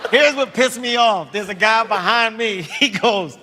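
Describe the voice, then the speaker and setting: A man telling a stand-up story in an animated way, breaking into shrieking high exclamations. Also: measured pace, big-room sound, noisy background. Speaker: stand-up comedian.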